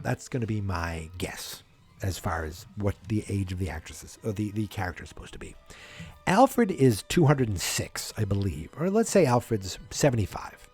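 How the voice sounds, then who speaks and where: A man's voice: on the low side, sing-song, moderate pace, a little mellow, breathy edge, soft background music. A man hosting a podcast, casually recapping a movie in a rambling way and acting out lines in silly voices. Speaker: podcast host. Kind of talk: casual movie review chat.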